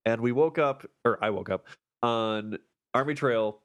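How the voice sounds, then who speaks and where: A man's voice: medium pitch, a little slow, highs cut off. A man in casual podcast chat, telling a self-mocking story with frequent laughs.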